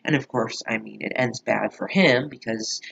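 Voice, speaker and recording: A man's voice: medium pitch, normal speed, gravelly, a bit bright, husky, rough recording. A man giving a rambling, profane, emphatic reaction commentary on a TV episode. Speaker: show reaction vlogger.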